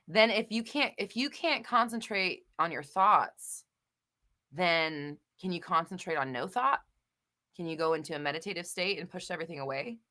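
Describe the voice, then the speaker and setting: Her voice is lowish yet bright and forceful as she hosts a casual live Q&A for her viewers. She rambles emphatically, stumbling through fillers and restarts, and doesn't hold back on swearing.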